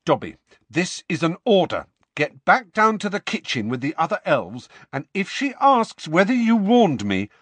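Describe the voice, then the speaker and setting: A man's voice: sits high, big pitch swings, normal speed, fairly bright tone, breathy edge, dry recording, voice pushed up, exaggerated voice. A man reading an audiobook voices an earnest teenage boy wizard who grows urgent and commanding.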